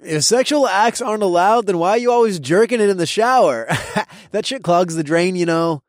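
A man voicing a loud, crude young frat-boy college guy with a nasally voice. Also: sits high, lively intonation, normal speed, no echo, studio quality, voice pushed up. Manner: brash, crude and teasing.

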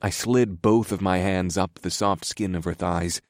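A man narrating a story in the first person in a calm, steady, soft-spoken way. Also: deep voice, unhurried, dry recording, studio quality.

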